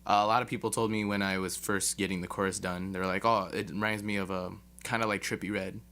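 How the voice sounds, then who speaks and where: A man's voice: lowish voice, little pitch movement, quick pace, fairly bright tone, a little hiss or hum. A man being interviewed as a guest rapper, talking casually and hesitantly with many fillers. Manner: hesitant, many ums and likes.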